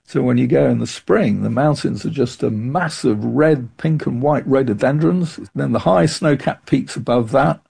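A man's voice: mid-range voice, moderate pace, vocal fry, few pauses, darkish tone, slightly rough. An older man, a retired earth sciences professor, describing mountains in a news interview clip.

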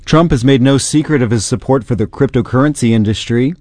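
A man reading a brisk news promo as a radio announcer. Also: medium pitch, darkish tone, dry recording, studio quality.

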